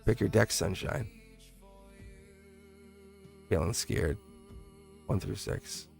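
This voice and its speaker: A man's voice: lowish voice, slow, gravelly, a little mellow, faint music behind. A man hosting a live-stream tarot reading, chatty and laughing often as he answers his live chat. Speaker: tarot reader.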